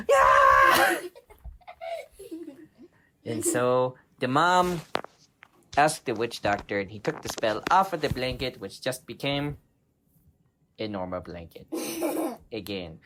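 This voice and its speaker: A man's voice: mid-range voice, huge pitch swings, unhurried, long pauses, noisy background. Man telling a rambling, playful bedtime story. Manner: playful, rambling, with giggles and sudden shrieks. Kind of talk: improvised bedtime story narration.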